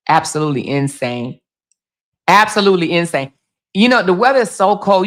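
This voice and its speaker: A woman's voice: sits low, fairly bright tone. A woman from Chicago hosting a casual livestream from home, reading out chat comments and reacting in an emphatic, chatty way, swearing freely and calling viewers baby and girl. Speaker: blogger and livestream host. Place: home, indoors.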